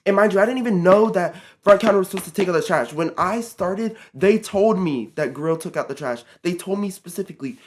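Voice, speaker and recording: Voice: medium pitch, lively intonation, fairly quick, hardly any pauses. A teenage vlogger telling a casual storytime, rambling with lots of fillers and swearing.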